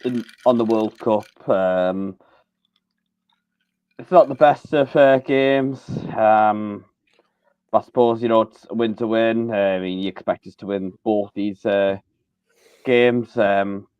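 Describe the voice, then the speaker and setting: A man's voice: fairly low pitch, slow pace, smooth, no room sound, dull audio. A man co-hosting a casual live football chat, speaking hesitantly with many fillers. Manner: hesitant, many ums and uhs. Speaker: co-host.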